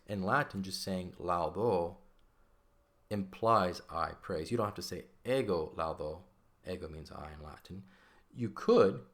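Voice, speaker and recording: A man whose voice sits low teaches Latin grammar over a shared screen. He stays relaxed and conversational, regularly checking in with "right?".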